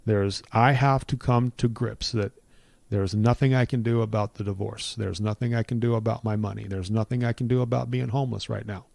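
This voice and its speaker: A man's voice: fairly low pitch, steady tone, a little fast, vocal fry, darkish tone, no echo. A middle-aged man giving an earnest personal testimony in conversation, building his points with repeated phrases like a preacher.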